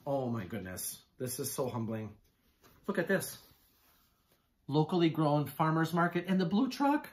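A man talks to his camera at home as he unpacks gifts, gushing over each one in an exclamatory way. His excitement carries through every line, with frequent gasps of amazement. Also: on the high side, a little slow, pauses often. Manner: gushing, exclamatory, keeps repeating "oh my goodness". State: excited, hands shaking. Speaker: haul vlogger. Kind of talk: casual unboxing chat to camera.

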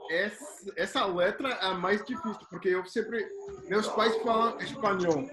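Lively co-teacher in an echoey room. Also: medium pitch, moderate pace, very noisy. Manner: lively, playful, acts out dialogues. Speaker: co-teacher and translator. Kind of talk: casual classroom chat. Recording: roomy echo.

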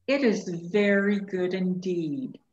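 A woman voicing a great silver male wolf who speaks slowly, deliberately and gently. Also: fairly low pitch. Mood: gentle. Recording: echoey room, dull lo-fi sound.

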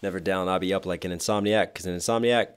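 Hoarse low-voiced man breaking down lyrics. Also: quick pace, over loud music. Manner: animated, unpacking wordplay line by line. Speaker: rapper reacting to songs. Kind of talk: music reaction commentary.

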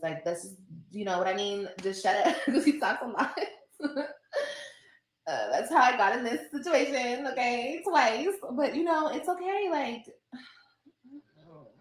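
Casual woman vlogger from la, talks straight to viewers, kinda rambly, roomy echo. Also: medium pitch. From Los Angeles, US. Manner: candid, rambling, addresses viewers directly. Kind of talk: chatty vlog talking to viewers.

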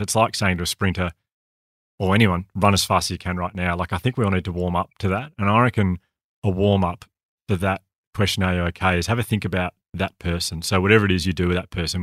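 Fast-talking deep Australian man. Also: a bit bright, no echo, clean studio sound. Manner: earnest, talks quickly with restarts. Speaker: podcast co-host. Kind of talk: candid conversational storytelling.

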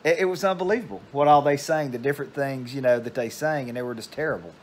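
A man's voice: medium pitch, fast. Older man telling a rambling story. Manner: meandering, digressive. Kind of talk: casual rambling anecdote.

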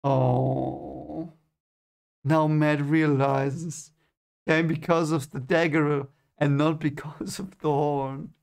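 A man's voice: a little high, level tone, slow, gravelly, darkish tone. A young man giving first-time read-along commentary on a book, hesitant and repeating his words, often chuckling. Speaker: book reader reacting.

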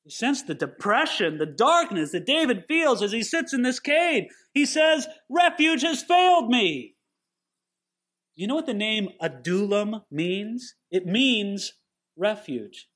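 A man's voice: high-pitched, very animated, measured pace, a bit bright. A man giving a sermon-style Bible teaching, earnest and putting questions straight to his listeners.

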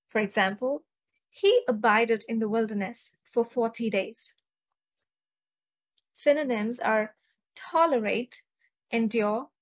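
A woman with an Indian English accent teaching vocabulary, carefully pronouncing each word and reading example sentences. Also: on the high side. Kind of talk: slow, deliberate vocabulary lesson. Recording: dull lo-fi recording.

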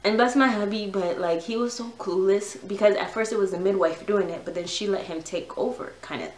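A woman's voice: mid-range voice, brisk, echoey room, low-quality recording. A young woman vlogger telling a long personal story in a chatty, casual way, full of "like" and "yo". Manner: chatty, lots of "like" and "yo".

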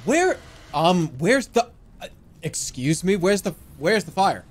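Male streamer, casual game commentary, high and very lively voice, prone to shouting. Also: unhurried. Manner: excitable, swears, loud shouting outbursts.

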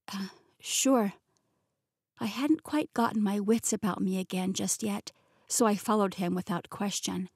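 A woman reading a first-person fantasy novel as a professional audiobook narrator, in a smooth, even-paced telling. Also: mid-range voice, no echo, clean studio sound. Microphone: close studio mic.

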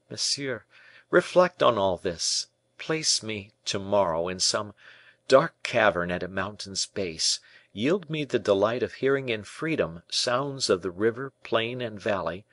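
A man's voice: fairly bright tone, no echo. A man reading an audiobook, voicing a young imprisoned prince who pleads passionately and is full of distrust. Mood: pleading. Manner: pleading, impassioned, rising pitch.

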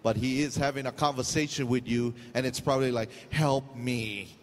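A man's voice: mid-range voice, steady tone, fast, in a large hall, slight background noise. A middle-aged man from Hawaii with a Hawaiian accent, preaching a sermon, telling stories with jokes and slipping into pidgin. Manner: storytelling, jokey, loose pidgin asides. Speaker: pastor.

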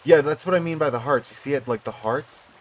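A man giving casual commentary on his own gameplay, excitable and prone to bursts of delight. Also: medium pitch, brisk. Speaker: gaming YouTuber.

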